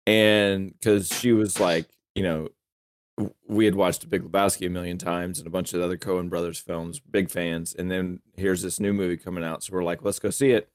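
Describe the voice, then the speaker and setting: A man casually telling a funny personal story in a lively way, laughing often and acting out what people said. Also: sits low, moderate pace. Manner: lively, laughs a lot, acts out quotes.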